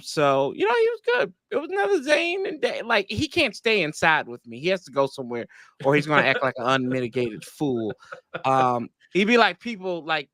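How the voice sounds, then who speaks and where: Bright, high-voiced man telling stories. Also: no echo, studio quality. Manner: rambling storyteller, animated retellings. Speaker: podcast co-host. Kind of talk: casual chat.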